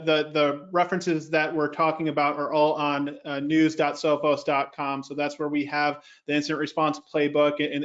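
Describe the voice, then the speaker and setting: Flat-toned male moderator on a call. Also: fairly high pitch. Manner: brisk, relays audience questions. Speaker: webinar moderator. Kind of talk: moderating questions. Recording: dull lo-fi call audio.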